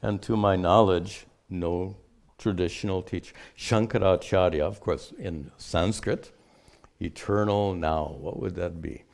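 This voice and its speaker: Deep, gravelly, slow-talking man. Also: fairly even intonation, darkish tone. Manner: measured and explanatory. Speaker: spiritual teacher answering questions. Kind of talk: unscripted teaching talk.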